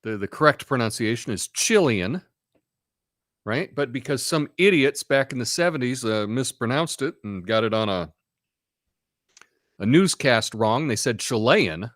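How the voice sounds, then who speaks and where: A man in the middle of a casual live stream, drifting from one thought to the next with plenty of ums and restarts. His voice sits at an ordinary pitch, and it is recorded dry and close with no room echo. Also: animated, moderate pace, fairly bright tone. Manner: rambling, offhand, reads chat comments aloud.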